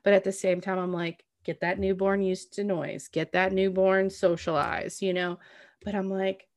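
A woman's voice: mid-range voice, level tone, moderate pace, darkish tone, dry recording, studio quality. A woman in casual heartfelt conversation, talking at length in an earnest, reassuring way with lots of "like" and "you know what I mean". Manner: talkative, earnest, reassuring, full of "like".

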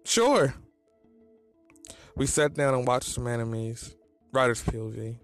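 A man's voice: mid-range voice, fairly even intonation, moderate pace, clean tone, soft background music. Man casually reading a fan story. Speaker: story reader.

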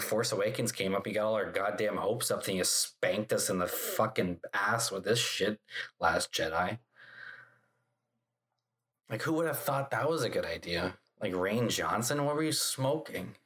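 A young man with a very low, deep voice rambles on in a loose, casual monologue. He talks in fits and starts, leaning on fillers and swearing freely as he drifts from one gripe to the next. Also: a bit bright. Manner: rambling, filler-heavy, profane, sighing. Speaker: vlogger.

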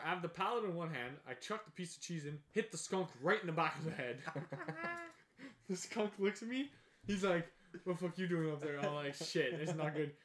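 A man telling a wild story in casual chat, animated, swearing and laughing as he goes. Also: a little high. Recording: echoey room.

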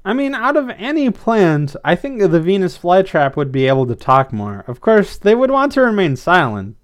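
A man voicing a jokey, anxious young female skunk pet in a read-aloud story. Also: normal speed. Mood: playful teasing. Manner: jokey, excitable, high and squeaky.

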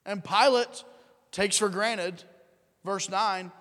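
A man preaching a sermon, acting out voices, swinging from loud bursts to hushed drops. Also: high-pitched, unhurried, pauses often, long reverb tail. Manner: animated, acts out crowd and Pilate, rising and dropping to near whisper. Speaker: pastor.

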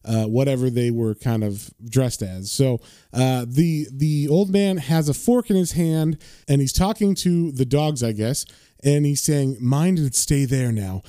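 A man's voice: mid-range voice, a little slow, dark tone, dry recording, studio quality. A man casually recapping and reading a comic book issue as a podcast host. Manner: casual, with fillers and laughs.

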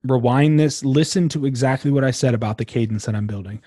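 A young man hosting his own podcast, talking casually and emphatically with a slangy, animated delivery. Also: mid-range voice, quick pace, no echo, clean studio sound. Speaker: podcast host. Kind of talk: casual solo podcast talk.

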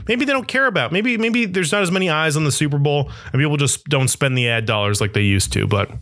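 A man's voice: a little high, fairly bright tone, no echo, clean studio sound. A young man in a casual comedic monologue, rambling and self-deprecating as he riffs into absurd bits.

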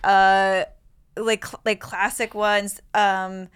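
A woman's voice: medium pitch, level tone, slow, clear, resonant tone. Chatty, laughing middle-aged woman. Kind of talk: casual comedy chat.

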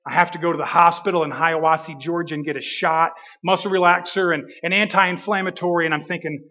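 A man, a preacher giving a sermon testimony, telling his story with dramatic pauses and emphasis. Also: a little high, fairly even intonation. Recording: dull reverberant hall.

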